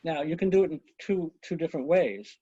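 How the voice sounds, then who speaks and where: Over a video call, a man teaches an online conducting class, coaching students, counting beats aloud and slipping in chatty asides. His voice sits on the high side and is brisk, mellow and husky. The recording is dry, with muffled lo-fi video call audio.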